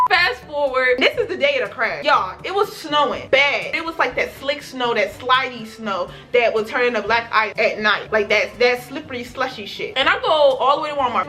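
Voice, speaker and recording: A young woman vlogger telling a story in a casual, animated way, with lots of slang and swearing. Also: high-pitched.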